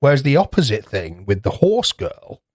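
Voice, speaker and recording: A podcast co-host rambles through anecdotes in casual chat, swearing freely and acting out little voices. His mid-range, darkish voice swings widely in pitch at a moderate pace, recorded at studio quality with no room sound.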